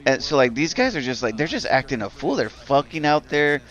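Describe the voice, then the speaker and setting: A man's voice: mid-range voice, very animated, a little fast, a bit bright, muffled recording. A man streaming a game and ranting in a rambling, profane way, filling his talk with "like". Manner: rambling, profane, heavy use of "like". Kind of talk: casual rant while gaming.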